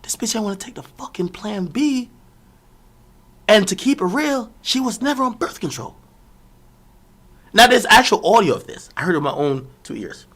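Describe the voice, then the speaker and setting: A young streamer telling a personal story as a casual rant, loose and full of slang and swearing. His voice sits a bit high and swings widely up and down. The tone is bright and forceful. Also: moderate pace, pauses often. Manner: animated, rambling, profane, slangy.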